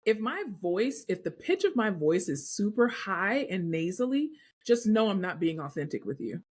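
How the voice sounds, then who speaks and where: A woman co-hosting a podcast in casual chat, with a deep speaking voice, relaxed and full of likes and fillers. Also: normal speed, breathy edge. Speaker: podcast co-host.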